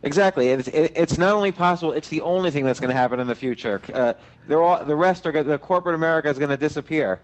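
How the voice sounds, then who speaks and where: A man's voice: fairly high pitch, very fast, dull audio. A man, a guest on a roundtable talk show, speaking emphatically in sweeping statements. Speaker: panel guest. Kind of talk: casual roundtable chat.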